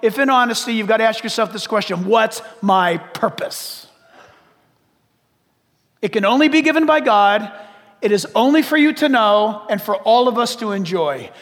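A man's voice: high voice, animated, brisk, fairly bright tone, long reverb tail. A man preaching a sermon in a large church, emphatic, firing rhetorical questions and often breaking in with "listen". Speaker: pastor.

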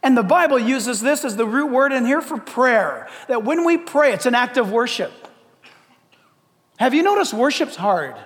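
A male pastor preaching an animated, conversational sermon with humor. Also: very high-pitched, moderate pace, big-room sound.

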